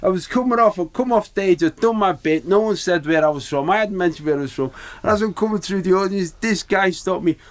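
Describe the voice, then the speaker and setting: Scouse guy telling stories, high voice, keeps stumbling over words. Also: a little fast, hardly any pauses. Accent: Liverpool. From Liverpool, England. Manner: storytelling, repeats words while building up. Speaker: guest comedian. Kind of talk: casual anecdote telling.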